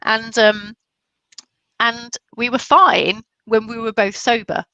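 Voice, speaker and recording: A woman with a softened Black Country accent talks casually as an interview guest. She tells stories freely, with frequent restarts and laughs. The sound is dry and close. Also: on the high side, steady tone, slow pace, no echo, muffled recording. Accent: Black Country English, softened. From Black Country, England. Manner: chatty, laughs often, many restarts.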